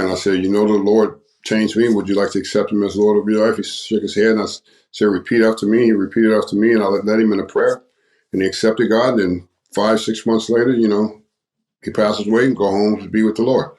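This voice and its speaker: An older man with a very deep, low voice tells his story as a guest on a podcast. He talks like a preacher, repeating phrases for emphasis. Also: flat delivery, fairly quick, darkish tone. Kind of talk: testimony in a podcast interview.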